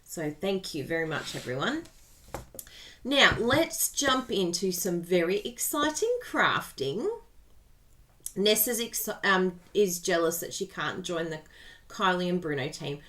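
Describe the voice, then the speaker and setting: A woman's voice: lowish voice, lively intonation, unhurried, a bit bright. A woman with an Australian accent hosting a chatty live card-making tutorial, bubbly and talking straight to her viewers. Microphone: plugged-in microphone at a desk.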